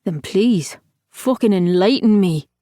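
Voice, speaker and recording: A woman's voice: medium pitch, expressive, a little slow, mellow, no room sound, clean studio sound, natural voice. Woman putting on a crude old male falcon. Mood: sarcastic. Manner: crass, blunt, mocking.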